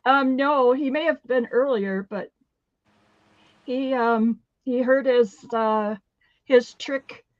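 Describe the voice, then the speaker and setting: A woman's voice: fairly high pitch, slow pace, no echo. A woman co-hosting a live craft sale stream, telling rambling stories with many fillers. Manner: chatty storyteller with many fillers. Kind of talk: casual chat. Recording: dry, dull lo-fi stream audio.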